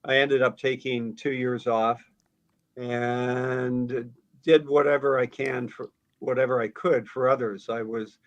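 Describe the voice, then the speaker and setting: A man's voice: medium pitch, little pitch movement, measured pace, muffled recording. A middle-aged man speaking as a guest in an interview, plain-spoken, earnest and reflective, with some hesitations. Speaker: guest, financial advisor. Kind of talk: conversational interview.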